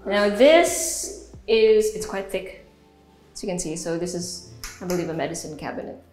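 A woman's voice: on the low side, moderate pace, over music. A woman with a Filipino accent hosting a house tour, chatty and giggly, now and then slipping into Tagalog. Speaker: real estate tour host. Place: indoors in a large house.

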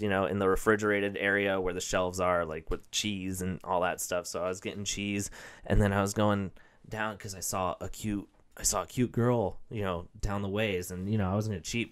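A man in his twenties hosting a podcast, rambling through crude, self-deprecating stand-up jokes with lots of fillers. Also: lowish voice. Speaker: podcast host and stand-up comedian. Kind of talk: casual comedic monologue.

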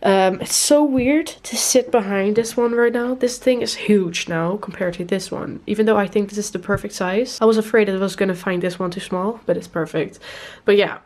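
A woman's voice: mid-range voice, moderate pace, few pauses, darkish tone. A young woman talking casually to her camera as a vlogger, chatty and self-deprecating with frequent giggles. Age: young adult. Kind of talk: casual vlog chat.

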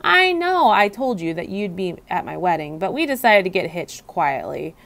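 A woman's voice: on the low side, very animated, moderate pace, creaky, a bit bright, exaggerated voice. Woman doing a kind cheerful custodian. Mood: easygoing. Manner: easygoing, friendly talk.

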